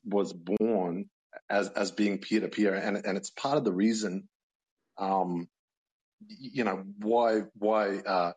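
A man's voice: on the low side, darkish tone, husky, dry recording, rough recording. A man calling in to a podcast, stammering and restarting his sentences often. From Australia. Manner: stammering, halting, many restarts. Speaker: caller. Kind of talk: casual call-in chat.

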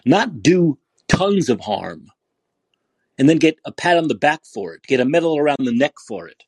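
Man, podcast host, angry ranting, yelling, rhetorical questions, somewhat high pitch, wide pitch swings. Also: big pitch swings, normal speed, husky, dry recording. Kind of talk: angry political rant.

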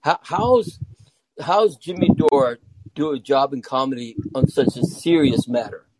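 A man's voice: medium pitch, expressive, a little slow, background noise. A man calling in to a talk show by phone, rambling and repeating words as he builds an argument. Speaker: caller. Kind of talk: casual call-in discussion. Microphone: phone through a call-in app.

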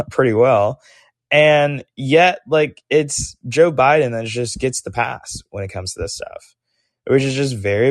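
A young man hosting a podcast, giving opinionated political commentary in a sarcastic, animated way, full of "like" and "um". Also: mid-range voice, dry recording, clean studio sound. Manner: animated, sarcastic, heavy use of "like" and "um". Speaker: podcast host.

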